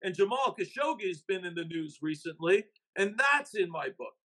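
A man's voice: high-pitched, expressive, moderate pace, bright, forceful tone, rough recording. A man, an investigative reporter and author, talking emphatically as a podcast guest. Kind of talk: casual podcast interview.

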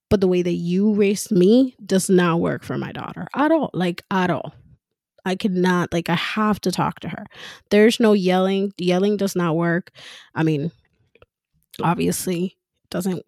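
A woman speaking in a casual monologue as a mother, frank and animated, swearing freely and laughing often. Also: fairly low pitch, vocal fry, no room sound, studio quality. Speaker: mother talking about parenting.

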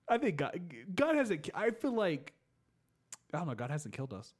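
A man's voice: a little high, very animated, a little slow. A young man co-hosting a podcast in casual chat, laid-back, laughing often and swearing as he acts out quotes. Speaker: podcast co-host.

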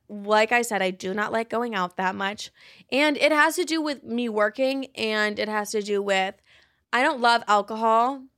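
Young female podcast host, mid-pitched, dry close sound, casual and profane. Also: fairly bright tone, no room sound. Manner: chatty, swears freely, laughs, uses lots of likes. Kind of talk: casual chat. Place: apartment in a big US city.

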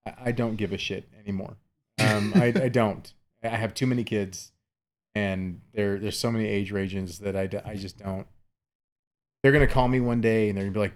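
A man co-hosting a casual podcast chat, telling animated, profane stories. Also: lowish voice, fairly quick. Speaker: podcast co-host.

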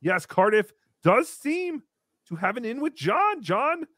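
Voicing a crude, giggling little green puppet for a comedy livestream, a man reads out donations and refers to himself in the third person with a cheeky air. It's a heavily acted performance: very high, with big pitch swings, slow and fairly bright, in studio quality with no room sound.

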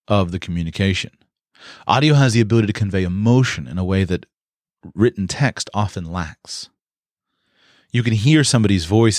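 A man with a fairly low voice delivers an instructional talk, explaining points step by step in a measured, deliberate way. The sound is dry and close, with little room reflection. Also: dry recording. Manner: measured, explanatory, with occasional fillers.

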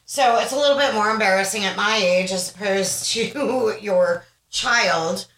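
A woman in her thirties co-hosting a podcast with friends, telling stories in a chatty, animated, reflective way. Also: medium pitch, measured pace. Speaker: podcast co-host. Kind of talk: casual chat. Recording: roomy echo.

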